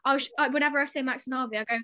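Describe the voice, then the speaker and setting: A woman's voice: high voice, fairly even intonation, very fast, sharp tone, no echo, highs cut off. A young woman co-hosting a podcast, reading a story aloud casually and breaking off to giggle and joke.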